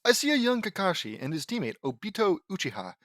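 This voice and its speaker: A man's voice: high voice, very animated, fast talker, a bit bright, no room sound, clean studio sound. A man with a sore throat reading fan fiction aloud at home, wandering off into rambling, self-deprecating asides. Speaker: fan fiction audiobook reader.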